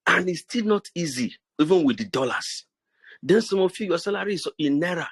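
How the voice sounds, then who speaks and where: A man's voice: high voice, lively intonation, a little fast, slightly rough, no echo. A middle-aged man with a Nigerian accent, giving a preachy motivational talk to his business group with many restarts and repeated phrases. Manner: preachy and repetitive, stammers and restarts.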